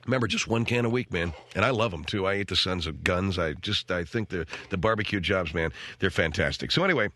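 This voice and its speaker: A man's voice: sits low, fast talker, few pauses, bright, forceful tone. A man hosting a radio show, ranting in a sarcastic, self-mocking comic monologue from a studio microphone. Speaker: radio talk show host.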